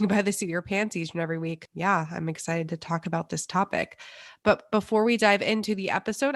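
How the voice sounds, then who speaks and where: A woman's voice: medium pitch, dry recording, clean studio sound. A young woman hosting her own podcast in a chatty, upbeat way, sounding congested from a cold. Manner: chatty and upbeat, with small laughs. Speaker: podcast host. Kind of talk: casual solo podcast talk.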